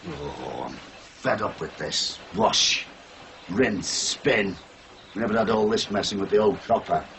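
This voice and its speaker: A man's voice: lowish voice, unhurried, creaky, fairly bright tone, a little hiss or hum. An actor playing a grumpy older man, muttering at a machine he can't work. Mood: fed up. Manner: grumbling, exasperated muttering. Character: grumpy old man fighting a washing machine. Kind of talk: 1980s TV soap acting.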